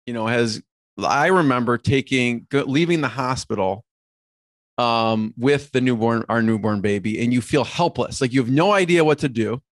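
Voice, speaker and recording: A man's voice: mid-range voice, moderate pace, dry recording. Laid-back guy hosting a podcast, chatty questions, dry sound. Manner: relaxed, conversational, uses fillers. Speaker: podcast host. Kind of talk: interview questions.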